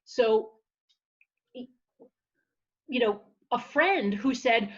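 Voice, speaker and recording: A woman who works as a confidence and public speaking coach, talking in an energetic, encouraging way with frequent restarts, heard over a video call. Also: a little high, drawn-out words, husky, dull audio. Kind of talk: conversational interview answer.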